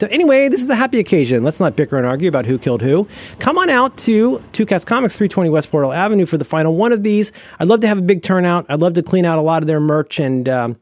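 A man hosting a podcast in casual chat, jokey and riffing, with an animated delivery. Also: on the high side, no echo, studio quality. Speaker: podcast host.

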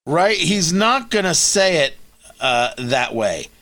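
Male host, high and animated, emphatic and repetitive opinion talk. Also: takes it slowly. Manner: emphatic, repetitive, sarcastic asides. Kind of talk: opinionated political commentary.

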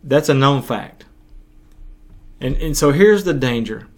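A man preaching a podcast sermon as pastor, earnest and urging, with his voice going hoarse. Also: mid-range voice, animated. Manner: earnest, urging, slow deliberate pauses. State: losing his voice.

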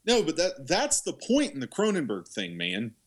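A man's voice: fairly high pitch, huge pitch swings, normal speed. A man co-hosting a podcast, making analytical, argumentative points about films in casual chat. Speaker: podcast co-host. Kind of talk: casual movie review chat.

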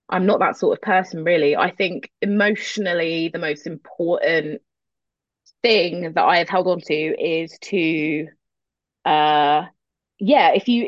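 Low-voiced woman, candid and self-deprecating. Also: no echo, lo-fi sound. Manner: candid, self-deprecating, swears casually, laughs easily. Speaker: guest, metal vocalist. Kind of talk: casual interview chat.

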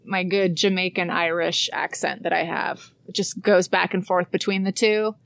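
A middle-aged woman co-hosting a podcast, telling stories in a casual chat with animated, high-pitched impressions. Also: normal speed, creaky, no room sound. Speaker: podcast co-host.

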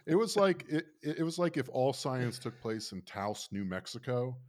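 A man's voice: mid-range voice, big pitch swings, moderate pace. A man in his thirties, from Florida, telling a rambling, wry story in casual chat.

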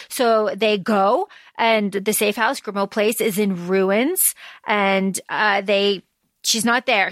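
A woman co-hosting a podcast, excitedly recapping a story in casual chat and swearing freely. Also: mid-range voice, measured pace, no echo. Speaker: podcast co-host.

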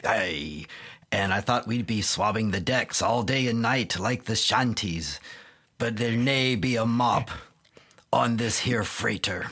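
A man's voice: lowish voice, takes it slowly, fairly bright tone, breathy edge, heavily acted. A man voicing a hungry, jokey male pirate sailor in an improv comedy skit, growling pirate slang. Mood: playful.

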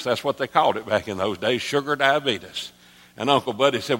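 A man in his sixties, a pastor, preaching an earnest sermon that drops soft and low, then rises to emphatic calls. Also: fairly quick. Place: church sanctuary. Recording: long reverb of a large hall.

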